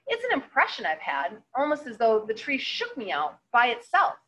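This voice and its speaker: A woman's voice: on the high side, huge pitch swings, moderate pace, a bit bright, voice pushed up, poor audio. A woman reading the lines of an earnest, friendly teenage boy in a novel, with a fumbling, open manner. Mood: musing.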